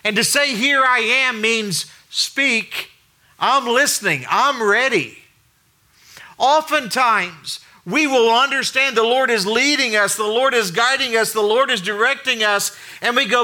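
A middle-aged male pastor preaching a sermon in a conversational way, asking the room questions and dropping quiet to stress a point. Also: very high voice, a little slow.

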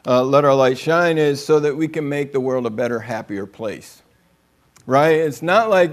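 A man's voice: medium pitch, moderate pace. A man preaching a conversational sermon, joking with the room and acting out quotes in other voices. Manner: joking, chatty, acts out quotes.

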